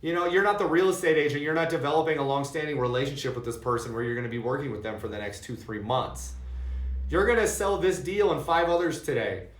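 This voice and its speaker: In an echoey room, a male insurance sales trainer speaks quickly in a higher voice while coaching sales agents. He drives his message home emphatically, repeating key points and addressing everyone as "guys."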